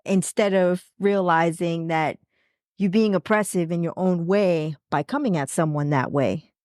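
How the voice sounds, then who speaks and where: A woman's voice: fairly low pitch, unhurried, a little mellow, no room sound, clean studio sound. A woman co-hosting a podcast, thinking aloud in a casual, slightly hesitant way. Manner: thoughtful, casual, hesitant with fillers. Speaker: podcast co-host. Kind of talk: reflective podcast talk.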